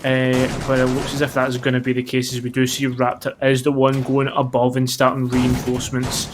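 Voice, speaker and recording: A man's voice: medium pitch, monotone, fairly quick, background noise. A man giving colour commentary on an esports match, conversational and thinking aloud with fillers. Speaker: esports analyst.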